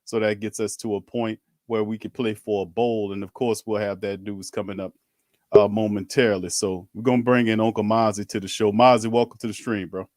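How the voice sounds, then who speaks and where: A man's voice: lowish voice, flat delivery, fairly quick, darkish tone, no room sound, clean studio sound. A man hosting a casual sports talk stream, laid-back, slangy and chuckling. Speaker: podcast host.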